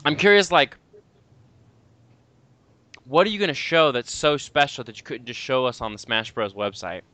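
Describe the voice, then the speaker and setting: A young man hosting a casual podcast with a bright, crisp voice. He is recorded dry and close, and keeps the talk moving. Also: mid-range voice, moderate pace, no echo. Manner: animated, steers the talk. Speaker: podcast host. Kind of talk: casual chat.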